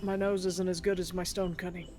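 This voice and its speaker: A man's voice: sits high, level tone, brisk, crowd noise. A man playing a tabletop game in casual talk, asking hesitant questions with fillers. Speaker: player.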